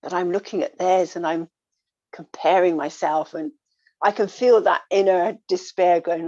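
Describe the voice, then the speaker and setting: A woman talking earnestly in a casual reflective way, coaching gently and repeating her phrases. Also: lowish voice, fairly even intonation, unhurried, no echo. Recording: dull lo-fi dry sound.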